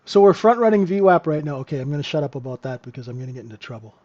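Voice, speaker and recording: A man's voice: a little high, expressive, racing, a little mellow, lo-fi sound. A man hosting a live trading room, giving casual, joking market commentary and answering viewers by name. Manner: chatty, joking, talks to chat viewers by name.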